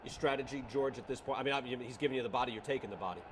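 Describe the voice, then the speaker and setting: A man's voice: mid-range voice, racing, noisy background. A man hosting a sports interview, asking leading questions and giving commentary over fight footage. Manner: leading questions, brief affirmations. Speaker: interview host.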